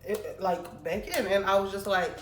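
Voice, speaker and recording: A young woman vlogger telling a casual storytime, animated and chatty, talking straight to her viewers. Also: medium pitch, moderate pace, faint music behind. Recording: roomy room with faint background noise.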